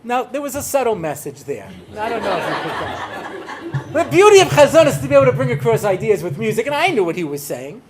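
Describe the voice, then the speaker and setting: A man's voice: high-pitched, big pitch swings, fairly quick, over music. An American man, a rabbi, giving a humorous talk to an audience, telling stories and acting out bits for laughs. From United States. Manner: joking storyteller, acts out cantors and voices.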